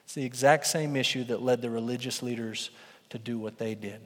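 Man preaching a lively sermon. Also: mid-range voice, a little fast. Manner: animated storytelling, swings from loud to hushed. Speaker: pastor. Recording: long hall reverb.

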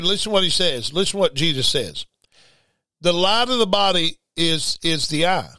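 A man's voice: fairly high pitch, bright, forceful tone, no echo. A man preaching a sermon, emphatic and repetitive, reading scripture aloud. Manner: emphatic, repeats words, reads scripture aloud.

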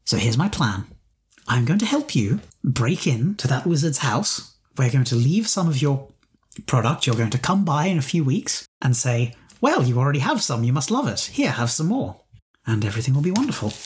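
A man's voice: mid-range voice, very animated, normal speed, husky. Man voicing a shapeshifting beetle trickster, persuasive salesman patter, easygoing delivery. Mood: coaxing. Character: shapeshifting beetle-person, a smooth scheming salesman.

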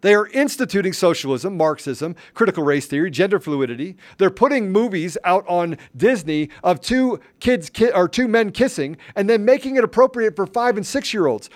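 Male podcast host with a high voice, fervent and emphatic, hammering his points home with repetition. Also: expressive, moderate pace, hardly any pauses. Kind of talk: impassioned political commentary.

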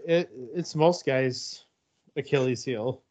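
A podcast co-host making halting, deadpan remarks. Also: medium pitch, dull audio. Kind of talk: casual podcast chat.

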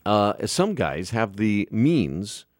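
A man's voice: fairly low pitch, slow, a little hiss or hum. A man hosting a radio talk show, bantering casually and poking fun at himself. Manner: self-deprecating, jokey, animated. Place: radio studio.

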